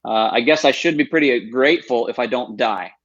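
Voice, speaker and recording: A man in his thirties, a podcast guest telling his own story in an earnest, animated way. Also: medium pitch, a little fast, muffled recording. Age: 30s.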